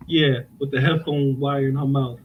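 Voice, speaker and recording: A man's voice: medium pitch, normal speed, narrow, tinny audio, heavy background noise. A middle-aged man, telling stories in a casual chat at home on cheap headphones. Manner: animated storytelling, swearing freely. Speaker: podcast co-host. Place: home, indoors. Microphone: cheap headphones with mic.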